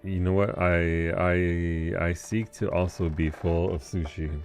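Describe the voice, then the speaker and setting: A man's voice: deep voice, fairly even intonation, slow, hardly any pauses, a little mellow, faint music behind. A man casually chatting with his viewers during a game livestream, joking and swearing freely. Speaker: streamer.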